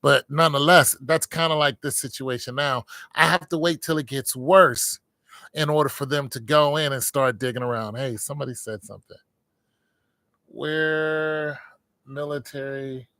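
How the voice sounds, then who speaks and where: A man's voice: medium pitch, normal speed, sharp tone, no echo, clean studio sound. A middle-aged man, a military veteran, talking casually and candidly to his viewers, rambling with many fillers.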